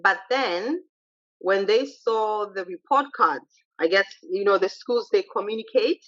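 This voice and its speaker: Woman guest, mid-pitched, assertive and chatty; dull lo-fi recording. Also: expressive, unhurried, a bit bright. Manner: chatty, assertive, quotes her kids' exchanges. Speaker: podcast guest, mother of three. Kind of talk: casual conversation. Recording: muffled lo-fi recording.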